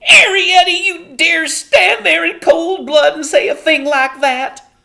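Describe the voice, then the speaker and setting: A woman voicing a fretful, tearful little borrower mother in a storybook reading, with a high, quavering, dramatic voice. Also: wildly swooping pitch, unhurried, a bit bright. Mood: shocked.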